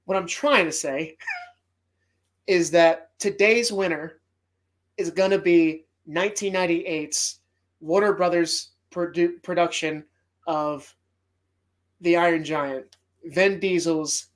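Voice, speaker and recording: A man hosting a relaxed movie podcast, talking through films with loud, profane enthusiasm. He acts out scenes as he goes and sometimes sounds choked up. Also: a little high, slow, pauses often. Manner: emotional, choked up at times. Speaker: podcast host. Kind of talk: casual movie podcast talk.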